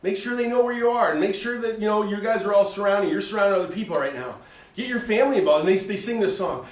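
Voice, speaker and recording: A man co-hosting a faith talk show, talking in an animated, folksy way and acting out little voices as he preaches. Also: high voice, fast, roomy sound, distant mic.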